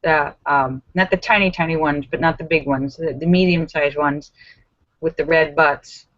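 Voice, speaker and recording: A woman hosting a casual live stream from home, chatting with viewers and telling stories with animated voiced reactions. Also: low-pitched, normal speed, no echo. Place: home in Los Angeles. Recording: dull lo-fi sound.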